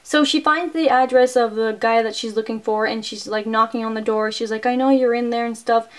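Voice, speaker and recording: A young adult woman reviewing a movie, retelling the plot in an excitable, casual way and filling her sentences with "like". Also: on the high side, fairly quick. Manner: chatty and excitable, heavy use of "like" fillers.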